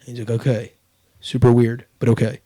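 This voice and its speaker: A man's voice: medium pitch, flat delivery, moderate pace, mellow. A man hosting a casual podcast chat, telling a story with lots of fillers and restarts. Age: adult with kids. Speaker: podcast host.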